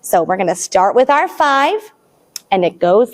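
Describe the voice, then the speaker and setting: A woman librarian reading a picture book aloud to small children, expressive and animated, then leading a counting rhyme. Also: mid-range voice, unhurried. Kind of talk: storytime read-aloud.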